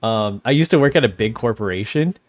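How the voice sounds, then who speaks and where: A man's voice: lowish voice, expressive, fairly quick. A man streaming live and chatting casually with viewers, rambling and easily distracted, often laughing. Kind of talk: casual chat with livestream viewers.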